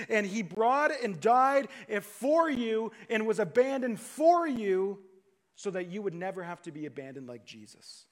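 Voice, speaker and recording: A man with a notably high-pitched voice preaches a sermon from the pulpit. He moves between raised, pleading passages and hushed, low-spoken stretches as he works through the text. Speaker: pastor.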